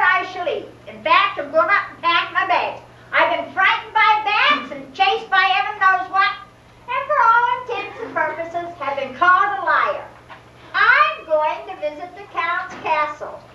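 A woman playing a fussy, nervous gossiping guest on stage, with a huffy, bright manner. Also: very high voice, lively intonation, normal speed, slight background noise, full character voice. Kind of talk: amateur stage play. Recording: echoey hall, distant mic, dull sound.

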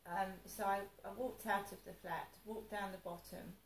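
A woman's voice: mid-range voice, steady tone, normal speed, roomy sound, a little hiss or hum, rough recording. A woman telling a rambling personal story, upset and venting, with frequent restarts. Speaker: vlogger.

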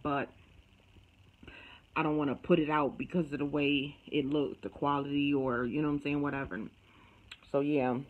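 A woman's voice: low-pitched, dull audio. Chatty woman vlogging from her kitchen. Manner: chatty, rambling, addresses viewers as y'all. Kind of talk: casual chat to camera. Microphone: phone camera.

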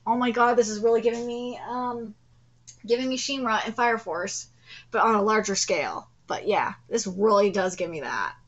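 A woman streaming a casual live reaction to a comic, excitable and profane, trailing off into fillers. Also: a little high, highs cut off.

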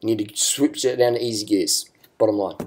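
A man's voice: on the low side, fairly even intonation, brisk, slight background noise. A man ranting bluntly in a casual cycling vlog, swearing and repeating himself. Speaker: cycling vlogger. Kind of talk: ranting video commentary.

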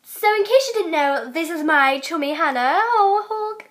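High, giggly English young woman. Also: animated, normal speed, fairly bright tone. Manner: giggly, chatty and playful. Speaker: channel host. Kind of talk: casual chat with a friend.

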